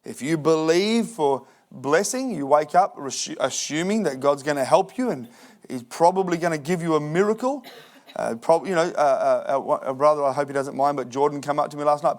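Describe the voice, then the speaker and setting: Lively pastor, higher voice. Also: male voice, moderate pace. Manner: lively, jokey preaching with acted-out excuses. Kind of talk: sermon. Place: church hall.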